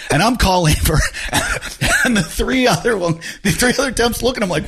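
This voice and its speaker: A man hosting a podcast, telling a story in a casual, animated way and laughing often. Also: high voice, moderate pace, husky. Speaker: podcast host.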